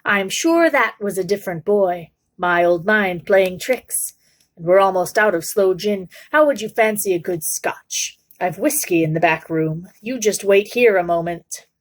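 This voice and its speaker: A woman's voice: mid-range voice, measured pace, lightly acted. A woman voicing a greedy, sour old male shopkeeper who mutters and grumbles. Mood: wheedling.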